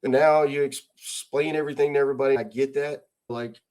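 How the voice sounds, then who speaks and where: A man's voice: mid-range voice, fairly even intonation, quick pace, darkish tone. A middle-aged man from the United States, a retired army sergeant major, talking bluntly and with heavy swearing as a guest in a casual interview, pressing his points with rhetorical questions. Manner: blunt and heavily profane.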